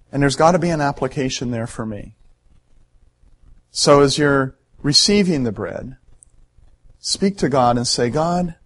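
A male pastor giving an earnest sermon, emphatic at times and dropping soft and low for solemn points.

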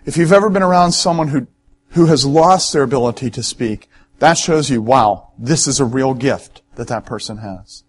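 A man's voice: mid-range voice, moderate pace, slightly rough. A middle-aged man, a pastor giving a sermon in a conversational, storytelling way and speaking directly to his listeners.

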